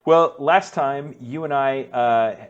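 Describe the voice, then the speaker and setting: A man co-hosting a podcast in casual chat, easygoing and quick to laugh. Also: medium pitch, highs cut off, loud music behind the voice. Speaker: podcast co-host.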